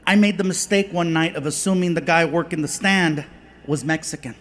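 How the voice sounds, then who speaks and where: High-voiced man telling stand-up stories. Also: a little fast. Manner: animated, playful storytelling with voices. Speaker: stand-up comedian. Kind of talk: stand-up storytelling.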